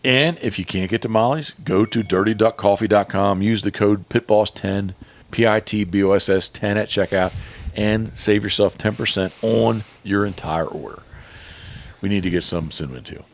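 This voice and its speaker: Gravelly-voiced man hosting a podcast. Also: fairly low pitch, normal speed, slight background noise. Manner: rambling, easygoing ad reads. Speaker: podcast host. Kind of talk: casual podcast chat with ad reads.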